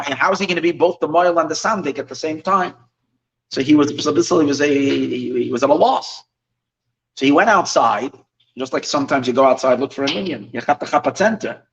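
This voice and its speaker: A man, a rabbi, telling a story in a lesson, animated and halting with many restarts. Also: a little high. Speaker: rabbi teaching a class. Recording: distant mic, dull lo-fi sound.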